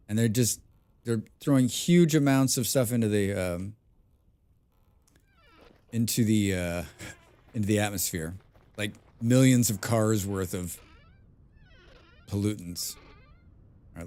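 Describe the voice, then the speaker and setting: A man chatting loosely during a live gaming stream, wandering from thought to thought. He restarts sentences often and swears bluntly without much fuss. The talk stays relaxed and conversational. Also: fairly low pitch. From abroad, lives outside his birth country. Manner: rambling, thinking aloud with many restarts. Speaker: game streamer. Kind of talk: casual live-stream chat while gaming.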